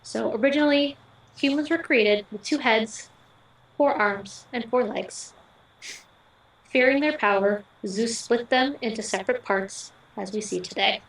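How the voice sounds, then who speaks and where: Young bride reading vows in an echoey hall. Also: female voice, on the high side. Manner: heartfelt, earnest, pausing in short phrases. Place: wedding ceremony venue. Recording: echoey, picked up from a distance.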